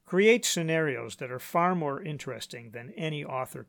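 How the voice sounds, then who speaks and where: A man hosting a podcast, reading a scripted narration in a measured, announcer-like way. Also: fairly high pitch, lively intonation, creaky, a bit bright. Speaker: podcast host. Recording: dry voice-over with faint music.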